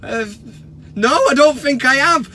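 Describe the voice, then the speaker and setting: An English man hosting a football fan vlog, talking to camera in an animated, sarcastic rant and swearing freely. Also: very high-pitched, measured pace.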